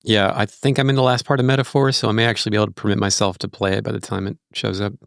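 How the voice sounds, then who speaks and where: A man's voice: fairly low pitch, level tone, rapid-fire, gravelly, no echo, studio quality. A man co-hosting a podcast, chatting casually with crude jokes. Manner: joking and crude. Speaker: podcast co-host. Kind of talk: casual chat.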